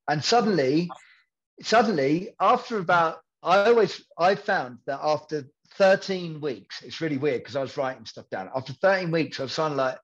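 A man's voice: on the high side, expressive, moderate pace, muffled recording. A man talking candidly as a podcast guest, rambling and repeating himself as he acts out what people say. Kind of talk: candid conversational storytelling.

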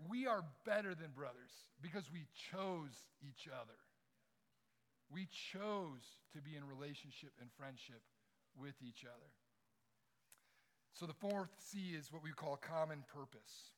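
Middle-aged guy preaching to a crowd, kinda high voice, animated storyteller. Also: a little slow, pauses often. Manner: animated storyteller, acts out quotes loudly. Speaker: campus ministry speaker. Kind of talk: sermon with personal stories. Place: large room with audience.

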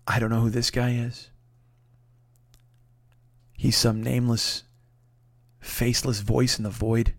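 A man's voice: mid-range voice, slow, pauses often, dry recording, studio quality. Profane man telling a bathroom story. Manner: profane, animated, swings between hushed re-enactment and loud exasperation. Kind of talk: comedic personal storytelling.

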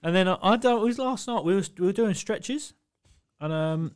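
A man co-hosts a chatty podcast, his voice sitting a little high and jumping all over as he talks. He tells stories by acting out the quotes, and the swearing comes easily. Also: normal speed, clear, resonant tone, dry recording, clean studio sound. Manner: animated storytelling, acts out quotes, swears freely. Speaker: podcast co-host. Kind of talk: casual chat.

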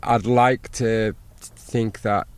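A man, a sailboat captain, telling lively stories in a casual interview and acting out the things people said. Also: on the low side, extremely slow, smooth. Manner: animated anecdotes, acts out quoted exchanges. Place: outdoors by an anchored sailboat.

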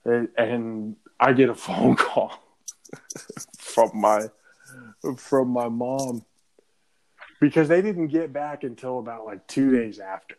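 A man's voice: mid-range voice, takes it slowly, pauses often, rough recording. A young man casually and loosely telling a story to friends on a podcast, with some swearing. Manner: rambling, profane, loose. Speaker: podcast co-host.

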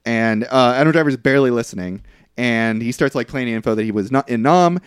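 Man, podcast co-host, casual film recap, rambling, filler words, mid pitch, dry. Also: a little fast, smooth, dry recording. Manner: loose, rambling recap with frequent fillers and profanity. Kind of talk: casual chat.

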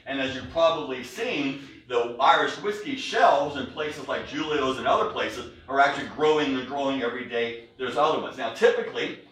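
A man's voice: mid-range voice, moderate pace, hardly any pauses, a bit bright. Man, whiskey tasting talk, chatty, jokey asides, very echoey room, mic at a distance. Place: room with a live audience. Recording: echoey room, recorded from afar.

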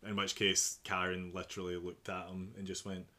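Animated low-voiced trainer telling gym stories. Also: male voice, fairly quick. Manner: animated storyteller, acts out dialogue, laughs often. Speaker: personal trainer. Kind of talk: casual podcast chat.

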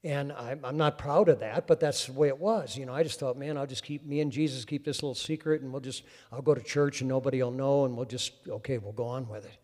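A man preaching a sermon, fervently calling out to the congregation and swinging from quiet storytelling to loud exhortation. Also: medium pitch, steady tone, fast, few pauses, in a large hall.

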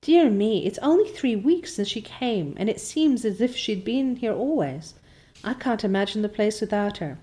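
A woman's voice: mid-range voice, lively intonation, normal speed, dark tone, natural voice. A woman reading aloud as a strict older spinster guardian who talks in a clipped, scolding way. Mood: grudging.

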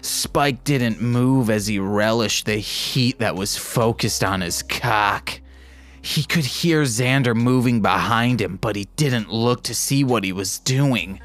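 A man's voice: medium pitch, slow, fairly bright tone, faint music behind. A man hosting a podcast, reading fan fiction aloud and breaking off for wry, self-mocking comments. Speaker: podcast host.

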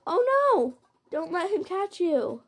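A woman giving live commentary on her own game play, excitable and gasping as she reacts. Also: extremely high pitch, takes it slowly. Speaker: gamer narrating her play.

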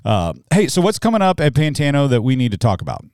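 A man's voice: mid-range voice, huge pitch swings, fast talker, darkish tone, dry recording, studio quality. A man from Alabama co-hosting a church podcast, chatting casually and joking, with many fillers and restarts. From Mobile, Alabama. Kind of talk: casual chat.

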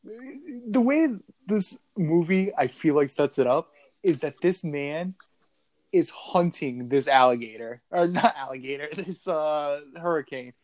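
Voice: mid-range voice, expressive, a little slow, darkish tone, no room sound. A podcast host chatting casually on a remote call, asking questions and laughing often. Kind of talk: casual chat.

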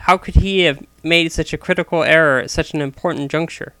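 A man reads a story aloud, often stumbling and restarting in small ways to correct himself. His bright, smooth, slightly high voice is recorded close, dry, and echo-free, with fairly even intonation at a slightly quick pace.

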